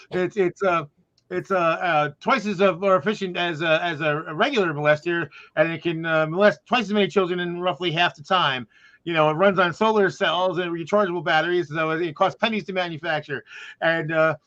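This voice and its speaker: A man with a high voice tells a long, rambling story in a casual group chat. He restarts often and leans on fillers. The sound is dull and lo-fi. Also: moderate pace, bright, forceful tone.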